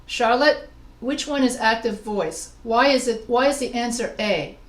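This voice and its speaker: In an echoey room, a woman with a slightly high voice gives an online grammar class. The writing instructor explains things slowly using examples and calls on students to answer.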